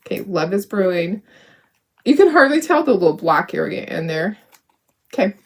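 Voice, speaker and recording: A woman's voice: medium pitch, sing-song, normal speed. A woman hosting a live crafting demo, talking herself through each step, upbeat and self-deprecating, laughing often. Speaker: craft livestream host.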